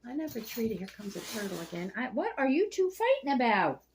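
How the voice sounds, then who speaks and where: A middle-aged woman vlogs from home among her pet turtles, venting bluntly and profanely as she rambles from one gripe to the next. Her voice is a little high with big pitch swings and a brisk pace, over slight background noise.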